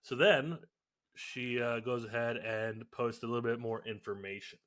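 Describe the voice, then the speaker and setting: A man's voice: medium pitch, steady tone, moderate pace, a bit bright. A young man co-hosting a podcast in casual chat, rambling with lots of fillers and frequent laughs. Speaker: podcast co-host.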